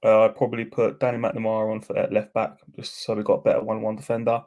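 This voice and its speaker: A man co-hosting a casual football podcast over a remote call, relaxed, rambling and cheeky. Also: on the low side, quick pace. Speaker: podcast co-host.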